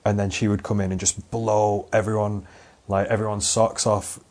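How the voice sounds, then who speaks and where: English bloke, deep-ish voice, rambling chatty host, swears a bit. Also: male voice, level tone, normal speed, a little mellow. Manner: rambling, chatty, swears casually, frequent fillers. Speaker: podcast host. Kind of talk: casual chat.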